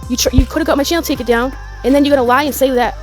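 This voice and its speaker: A woman's voice: sits high, fairly even intonation, very fast, soft background music. A woman hosting a casual livestream commentary, talking bluntly and animatedly, swearing and laughing often. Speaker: YouTube commentary host.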